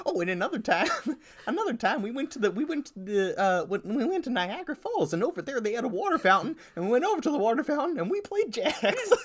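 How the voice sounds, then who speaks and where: A man voicing a rambling old grandmother who tells stories and auctions off bedtimes, in a high cracking falsetto. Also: big pitch swings, normal speed, heavily acted.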